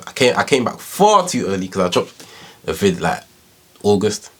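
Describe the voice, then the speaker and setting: A man's voice: lowish voice, very animated, normal speed, fairly bright tone. A young man in his twenties with a London accent, telling his story in a casual, slangy, rambling way with constant tag questions. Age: 20s. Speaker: YouTuber.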